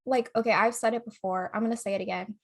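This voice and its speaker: A woman's voice: fairly high pitch, steady tone, quick pace, slightly rough. A young woman co-hosting a podcast, telling a story in casual chat, swearing often, laughing mid-sentence and acting out what people said. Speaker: podcast co-host.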